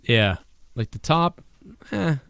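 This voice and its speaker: Hoarse guy hosting a stream, swears constantly, rambles, dry close sound. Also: a little high, slow, no room sound. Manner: profane, rambling and animated. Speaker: show host. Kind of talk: casual livestream chat.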